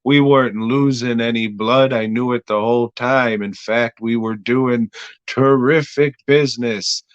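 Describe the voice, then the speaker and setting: A man's voice: medium pitch, fairly even intonation, unhurried, clear, resonant tone, no echo, dull audio, close to an everyday voice. A man voicing a smug, crooked middle-aged boss who gloats. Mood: gloating. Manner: gloating and sneering.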